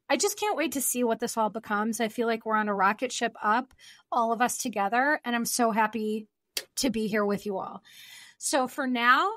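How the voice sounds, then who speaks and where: Chatty woman podcast host, bright voice. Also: on the high side, no room sound. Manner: chatty, informal, laughs often. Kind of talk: solo podcast monologue.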